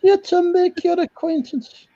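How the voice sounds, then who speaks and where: A man's voice: extremely high pitch, fairly even intonation, moderate pace, creaky, mellow, dry recording, pitched above the performer's own voice. A man putting on the voice of a prim, formal elderly woman nanny over a video call. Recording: dull lo-fi call audio.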